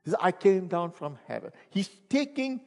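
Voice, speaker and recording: A man's voice: high-pitched, normal speed, vocal fry. A man preaching a sermon, reading scripture aloud and questioning the congregation. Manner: animated, rhetorical questions to the congregation; reads scripture aloud between comments. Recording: long reverb in a hall.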